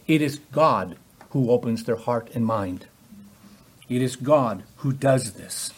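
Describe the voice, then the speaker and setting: A man preaching a sermon, emphatic and full of rhetorical questions, acting out the voices in the passages he quotes. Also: mid-range voice.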